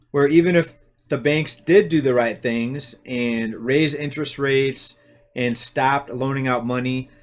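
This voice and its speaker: A man hosting his own channel, giving a casual commentary monologue in an unhurried way with many pauses and restarts. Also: on the high side. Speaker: host of an economics channel.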